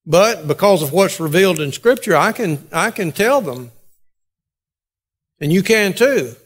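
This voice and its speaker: A man preaching a sermon in a church, with measured delivery and slow, emphatic pauses. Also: high voice, animated, slightly rough. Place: church sanctuary.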